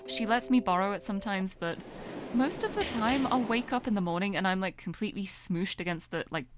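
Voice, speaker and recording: A woman streamer chats in a casual, playful way, her pitch swinging widely as she talks. Game music plays clearly behind her. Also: lively intonation, brisk. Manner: playful, coos and baby-talks to her cat.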